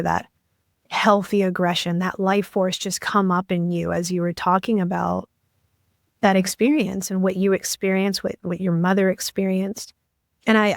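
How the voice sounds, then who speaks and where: A woman's voice: mid-range voice, dry recording. Earnest woman podcast host, dry sound. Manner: earnest, emotional, many fillers like "like" and "you know". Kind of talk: conversational interview.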